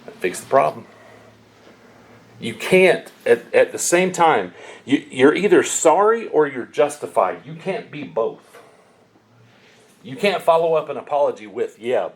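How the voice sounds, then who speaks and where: A middle-aged man preaching a sermon, telling stories bluntly with sharp, emphatic peaks. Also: medium pitch. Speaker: pastor.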